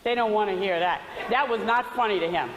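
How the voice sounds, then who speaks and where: A woman's voice: medium pitch, fast talker. A woman giving a chatty faith testimony, telling stories with loose asides. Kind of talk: storytelling testimony talk. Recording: roomy hall with faint hiss.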